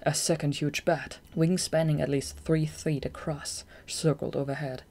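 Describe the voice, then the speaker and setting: An audiobook reader narrating a fantasy novel chapter in a steady, even storytelling manner. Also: mid-range voice, unhurried. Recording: home-recorded audiobook.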